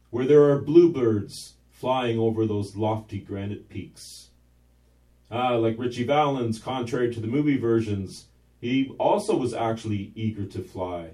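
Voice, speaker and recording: A man narrating a whimsical story in a gentle, meandering way, turning aside now and then to speak to his listeners. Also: medium pitch. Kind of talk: scripted narration. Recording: roomy echo, distant mic.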